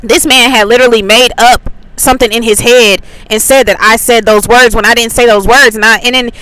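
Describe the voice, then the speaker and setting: Bright-voiced woman telling a story. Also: a little high, steady tone, brisk, no echo, rough recording. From Atlanta, USA. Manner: chatty storytelling with many likes and ums. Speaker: faith channel host. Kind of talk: casual spiritual testimony.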